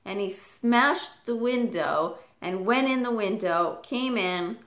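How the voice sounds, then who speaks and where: Bright-voiced woman telling a story. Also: mid-range voice, slow. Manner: animated, speaks straight to the viewer. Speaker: parrot channel vlogger. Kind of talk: storytelling to camera. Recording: echoey room.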